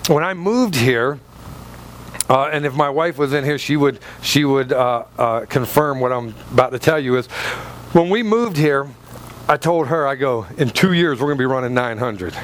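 A male pastor preaching a sermon in a lively, conversational way, calling out to the congregation. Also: medium pitch, moderate pace, a little hiss or hum.

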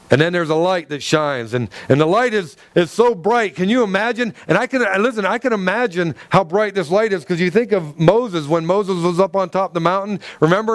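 A man preaching with a high, lively voice, acting out the voices of the people in his story. The sound is dry and close, with no room echo behind him. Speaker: pastor. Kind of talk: sermon.

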